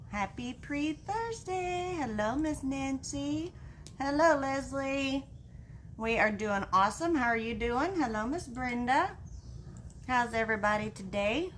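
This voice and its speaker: Woman craft live-streamer, bubbly, slightly high voice, slow and friendly, faint hum behind. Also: animated, fairly bright tone. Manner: bubbly, greets viewers by name with little cheers. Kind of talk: chatty live-stream greetings.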